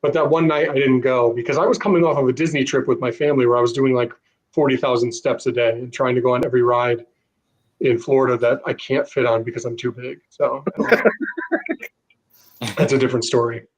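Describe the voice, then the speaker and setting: A man's voice: mid-range voice, steady tone, fairly quick, poor audio. A man co-hosting a casual podcast, telling rambling self-deprecating stories. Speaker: co-host.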